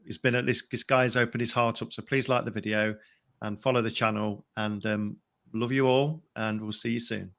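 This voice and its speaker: Gravelly-voiced male podcast host. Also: lowish voice, steady tone. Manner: chatty, warm sign-off, quick laughs. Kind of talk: casual chat.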